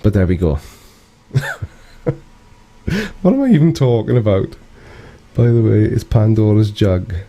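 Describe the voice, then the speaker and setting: A man's voice: on the low side, sing-song, measured pace, pauses often, warm tone, lo-fi sound. A man hosting a live stream, reading out viewer comments in a rambling, cheeky way and chuckling often.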